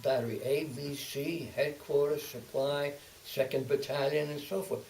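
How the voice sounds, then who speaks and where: A man in his eighties telling stories from his past at home, halting and repeating words as he goes. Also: a little high, fairly even intonation, a little mellow. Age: 80s. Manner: halting, repeats words and restarts, then speeds up. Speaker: interviewee, veteran. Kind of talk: oral-history storytelling. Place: home, indoors. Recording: distant mic with faint hiss.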